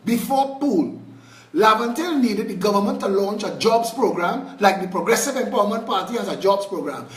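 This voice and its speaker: A Trinidadian man giving an impassioned political address on a live video, indignant and fiery, swinging between shouting and low muttering. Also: animated, a little fast, few pauses, echoey room, distant mic. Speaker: political party leader.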